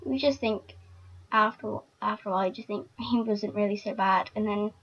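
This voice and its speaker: A young woman makes a casual fan vlog, chatty and emotional and filled with filler words. She speaks at a medium pitch and moderate pace, and the recording is dull and lo-fi.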